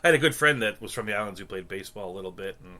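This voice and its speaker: A man in his thirties co-hosting a podcast in casual chat, rambling with halting restarts and deadpan jokes. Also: lowish voice. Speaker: podcast co-host.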